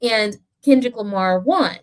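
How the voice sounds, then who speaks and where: A woman hosts a casual podcast conversation, sounding thoughtful and reflective and using lots of fillers. Her mid-range voice is unhurried.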